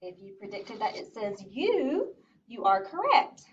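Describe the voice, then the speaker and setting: Slow, lively-voiced woman teaching phonics. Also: on the high side, a little hiss or hum. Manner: slow, clear, encouraging teacher talk. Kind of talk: phonics lesson for young children. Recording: distant lo-fi recording.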